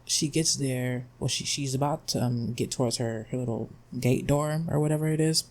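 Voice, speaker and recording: A man's voice: mid-range voice, fairly even intonation, normal speed. A young man giving a rambling, exasperated spoken review, swearing freely as he recaps the plot. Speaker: vlogger reviewing a drama.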